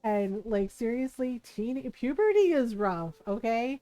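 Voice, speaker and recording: A woman's voice: fairly high pitch, animated, measured pace, warm tone, no echo, soft background music. A woman streaming a life-sim game, chatting casually, telling stories and laughing often. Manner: chatty, storytelling, laughs often, playful quoted voices.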